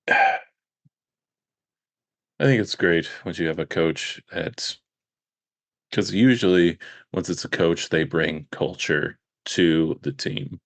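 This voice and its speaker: A man's voice: low-pitched, slow, creaky, pauses often, fairly bright tone, no room sound. A man co-hosting a podcast, chatting casually in a laid-back way with dry, teasing asides. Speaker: podcast co-host. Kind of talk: casual chat.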